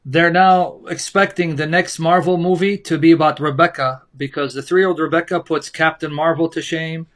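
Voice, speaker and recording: Guy cohosting a debate show, sarcastic and emphatic, high bright voice. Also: steady tone, normal speed, few pauses. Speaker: co-host. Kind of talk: heated apologetics discussion.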